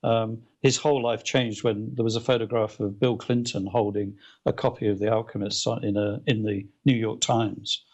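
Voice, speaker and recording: A male author as a guest, telling anecdotes in a casual interview, animated, with many restarts and fillers. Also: lowish voice, moderate pace, few pauses.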